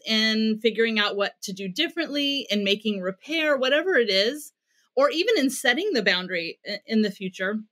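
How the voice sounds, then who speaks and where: A woman's voice: fairly high pitch, a bit bright. An American woman guesting on a podcast, earnestly explaining parenting advice and acting out bits of dialogue as she goes.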